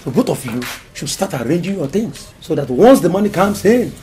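A man's voice: sits high, sing-song, a little fast, warm tone. An actor playing a jovial, laughing father who talks with his family. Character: jolly Nigerian father, middle-aged, teasing. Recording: crowd noise behind.

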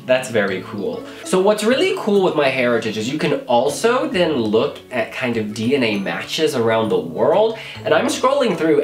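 An American man chats in a bouncy voice with big swings in pitch, gushing and exclaiming as he reacts. The sound is roomy and echoey, with faint music underneath. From United States. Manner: animated and exclamatory, calls the viewer honey. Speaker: Eurovision blogger. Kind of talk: casual vlog reaction.

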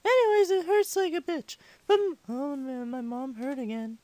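A hyper five-year-old boy gamer rambles excitedly over his game in a piercing, sky-high squeak. The sound is dry and close, with no room around it. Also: normal speed, no echo. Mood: chatty. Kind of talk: comedic let's-play commentary.

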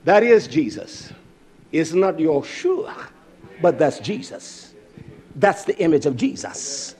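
A man with a strikingly high voice delivers a fiery sermon. He swings between loud, shouted outbursts and hushed near-whispers. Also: sing-song, slow pace, slightly rough. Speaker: preacher.

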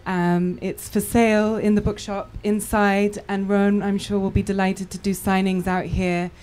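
A woman's voice: mid-range voice, level tone, moderate pace, darkish tone. Effusive woman hosting a book event. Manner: effusive, thanking guest. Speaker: event host. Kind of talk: closing remarks. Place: outdoor bookshop event.

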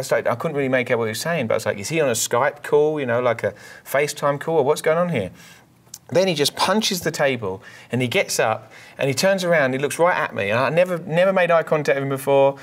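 A man co-hosts a ministry show and tells a personal faith story at a brisk clip. His delivery is animated and conversational, doubling back on words as he gets caught up in the moment. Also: fairly high pitch. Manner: animated storyteller, repeats words when excited. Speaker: minister and co-host. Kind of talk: conversational preaching, testimony.

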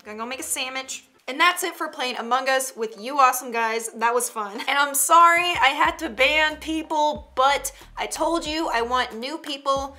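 A young woman, commenting on an online game in a chatty, excitable way with gasps and giggles. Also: high-pitched, moderate pace, hardly any pauses, faint music behind. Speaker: gaming streamer. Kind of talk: casual gameplay commentary.

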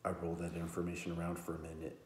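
A male podcast host reads a novel aloud, cutting in with crude, profane jokes. His low voice is completely flat and fast, recorded in a roomy echo with heavy background noise.

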